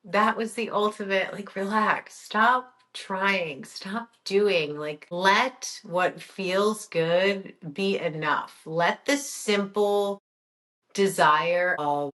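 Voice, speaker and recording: A woman's voice: medium pitch, drawn-out words, fairly bright tone. A woman hosting a wellness podcast, telling a personal story in a casual, chatty way and acting out her own inner voice with repeated phrases. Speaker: podcast host. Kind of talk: casual spoken monologue.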